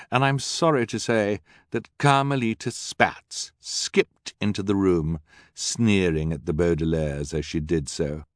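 A slightly low male voice narrates a storybook slowly and deliberately, with wry, lively inflection. His pitch rises and falls often, and the studio sound is dry, with no room echo. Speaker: audiobook narrator. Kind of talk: scripted narration. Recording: dry, close studio mic.

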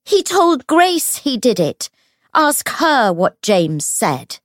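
A woman's voice: animated, normal speed, darkish tone, no room sound, studio quality. A woman voicing an enraged older noblewoman who hurls accusations at her brother. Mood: screaming. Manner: shrill, furious.

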